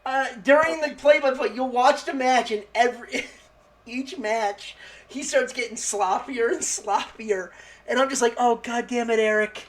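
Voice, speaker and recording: A woman co-hosting a casual chat, telling stories full of swearing and laughter. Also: on the high side. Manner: swearing, laughing storyteller with quick asides.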